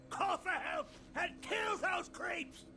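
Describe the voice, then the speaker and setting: A man's voice: extremely high pitch, exaggerated voice. A coughing, desperate trapped man. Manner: interrupted by coughing fits.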